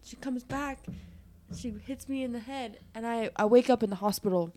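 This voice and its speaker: A woman's voice: a little high, moderate pace, warm tone, a little hiss or hum. A woman telling a childhood story in casual chat, giggling along the way.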